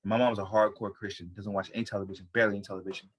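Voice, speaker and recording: An American man, a stand-up comedian, telling a story in casual chat, profane and full of restarts. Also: on the low side. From United States. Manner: fast, profane, animated storytelling with many restarts.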